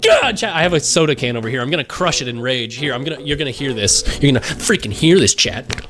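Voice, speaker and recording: A young man streaming a game live, rambling and excitable with lots of fillers. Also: medium pitch, fast, over music.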